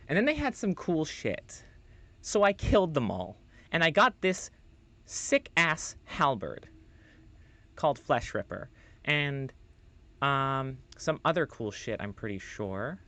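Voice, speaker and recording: A man's voice: a little high, big pitch swings, a little slow, fairly bright tone. A man streaming a role-playing game, rambling loosely through his commentary, swearing casually and reading the on-screen text aloud.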